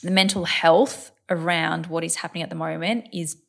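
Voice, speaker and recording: A woman's voice: lowish voice, steady tone, normal speed, vocal fry, a bit bright. An Australian woman in her thirties, chatting on a podcast, emphatic and stacking points into repeated lists. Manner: emphatic, builds repetitive lists. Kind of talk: casual podcast chat.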